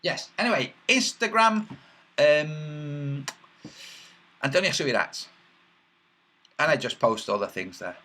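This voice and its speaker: A man's voice: a little high, lively intonation, slow, long pauses, bright, forceful tone. A man hosting a casual livestream, reading chat messages aloud in a rambling, mocking way with many filler sounds.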